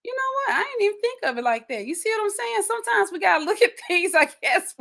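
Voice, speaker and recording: A woman's voice: extremely high pitch, fast talker, creaky. A woman hosting a podcast in casual solo chat, talking animatedly and directly to her listeners and repeating words for emphasis. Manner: animated and chatty, addresses listeners directly, repeats words when stressing a point. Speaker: podcast host.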